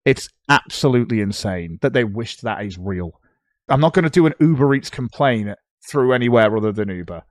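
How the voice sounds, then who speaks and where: A man's voice: fairly low pitch, dry recording, studio quality. A British man on a livestream, talking back at posts he reads aloud in a sarcastic, sweary way. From Britain. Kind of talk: casual livestream commentary.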